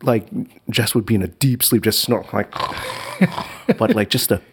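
A man's voice: on the low side, measured pace, slightly rough. A man chatting casually as a father, rambling with many restarts and little laughs. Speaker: father of a young child. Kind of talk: casual chat.

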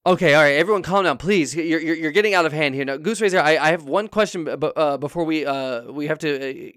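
A man's voice: a little high, fast, a bit bright, no echo, clean studio sound. Flustered stammering comedy host man. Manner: flustered, stammering, many restarts. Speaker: mock talk show host. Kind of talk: improvised comedy interview.

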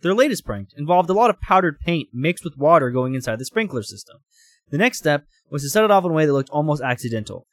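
Man reading a story, lively pitch, dry close sound, animated delivery. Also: quick pace, no echo. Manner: animated, laughs between lines. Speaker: host reading a story aloud.

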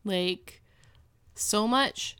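A woman in her thirties with a smooth, clear voice talks in a casual podcast chat, recapping a TV episode with lively quoted voices. The sound is dry and close. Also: mid-range voice, drawn-out words, no echo. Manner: chatty, animated retelling with quoted voices. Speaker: podcast co-host.

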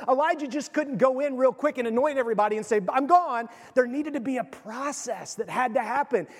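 A man preaching a sermon, retelling a Bible story with animated, casual acted-out voices. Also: extremely high pitch, long reverb tail. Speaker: pastor.

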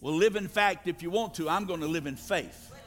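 A man with a very high voice delivers a fiery sermon, rising into shouted peaks and calling on the congregation to answer back. His voice rings through a reverberant church hall. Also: a little fast, soft background music. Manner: preaching with shouted climaxes and call-and-response. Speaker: pastor.

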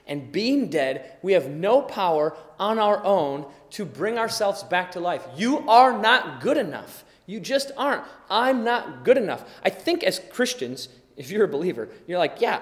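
A man preaching a sermon as a pastor, telling stories with animation and swinging from loud to hushed. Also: a little high. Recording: long reverb in a large hall.

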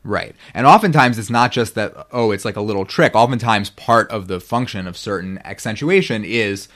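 Very deep-voiced man explaining grammar. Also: lively intonation, normal speed, a bit bright. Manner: rambling, self-correcting, lecturing. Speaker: guest scholar. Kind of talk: explaining biblical Hebrew grammar.

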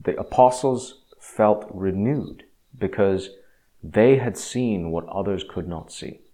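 Deep-voiced man musing on faith. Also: slow. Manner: rambling, restarts often, swings between quiet and emphatic. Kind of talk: casual religious monologue.

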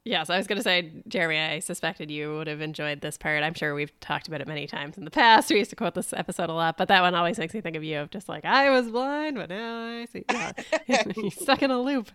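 A woman's voice: low voice, fast, hardly any pauses, fairly bright tone, clear, resonant tone, no echo, studio quality. A woman co-hosting a podcast, recapping an episode in casual chat and laughing often. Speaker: podcast co-host.

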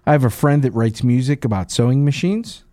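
A man's voice: mid-range voice, animated, fairly quick, warm tone, dry recording. A man co-hosting a radio show, telling jokes in casual banter with a dry, self-deprecating delivery. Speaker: radio co-host.

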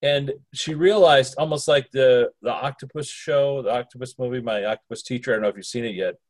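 A man's voice: mid-range voice, brisk, no room sound. A man co-hosting a podcast in casual chat, playful and joking, often laughing. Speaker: podcast co-host.

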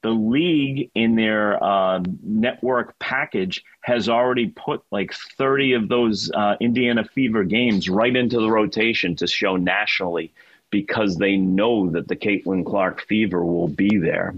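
A man's voice: lowish voice, unhurried, no echo, highs cut off. A man with a Boston accent, a sports commentator guest telling stories in an emphatic, chatty way on a radio chat.

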